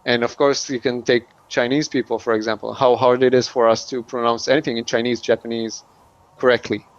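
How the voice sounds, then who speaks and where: A man's voice: mid-range voice, flat delivery, brisk. Hesitant man. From Middle East. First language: not English. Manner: hesitant, many restarts and fillers. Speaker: interview guest. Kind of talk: casual interview. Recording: dull lo-fi sound.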